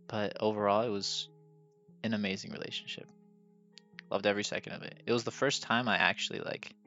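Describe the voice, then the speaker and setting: A man's voice: lowish voice, a bit bright. A young man hosting a podcast, telling personal stories in a rambling, self-mocking way and laughing often. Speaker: podcast host. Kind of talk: casual personal storytelling. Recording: dull lo-fi sound with faint music.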